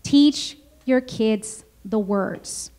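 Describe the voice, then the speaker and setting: A woman with a high voice presents a parenting workshop in a school meeting room. She keeps the audience involved with questions and drops into her English. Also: drawn-out words. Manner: lively, engaging, asks the audience questions.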